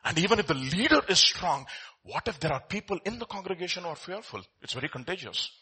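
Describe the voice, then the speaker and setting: A man preaching a sermon, reading scripture aloud and asking the congregation rhetorical questions, his voice swinging between loud and soft. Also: sits high, quick pace, husky. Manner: expressive preaching with rhetorical questions, voice rising and dropping sharply. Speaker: pastor.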